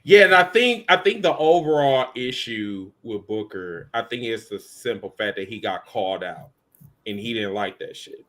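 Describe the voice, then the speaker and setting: A man's voice: fairly low pitch, expressive, normal speed, a bit bright. A man co-hosting a podcast, chiming in casually with agreement and short challenges. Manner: laid-back, interjecting agreement. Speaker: podcast co-host.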